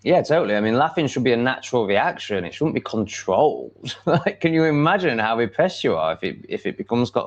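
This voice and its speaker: A man's voice: medium pitch, very animated, a little fast, few pauses. A man with an English accent hosting a casual live stream, rambling bluntly and confidently with plenty of ums and likes. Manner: rambling, blunt and self-assured, with many fillers. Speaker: livestream host. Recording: dull lo-fi stream audio.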